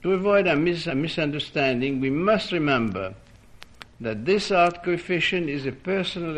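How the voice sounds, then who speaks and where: A man reads a formal lecture at an unhurried, deliberate pace, his pitch sitting in an ordinary middle range. He weighs each phrase and sometimes stops to correct himself. It has the feel of an old archival talk. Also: fairly bright tone, poor audio. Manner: measured, formal, with occasional self-corrections. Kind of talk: reading a prepared lecture.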